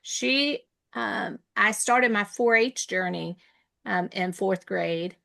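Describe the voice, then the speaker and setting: A woman's voice: mid-range voice, slow pace, vocal fry, bright, forceful tone. A woman coach running an online workshop, asking the group to share and telling her own story in an encouraging way. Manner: encouraging, asks the group questions. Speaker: coach leading a workshop session.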